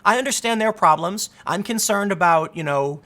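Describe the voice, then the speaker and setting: Man, political commentary, sarcastic and animated, high bright voice. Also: normal speed. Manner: animated, sarcastic, rambling with restarts.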